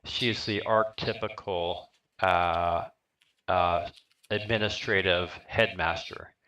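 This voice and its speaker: Narrating scenes for a live-streamed tabletop game, a middle-aged dungeon master speaks in a halting way, full of fillers. He has a low, steady voice with a sharp tone, and the high frequencies are cut off.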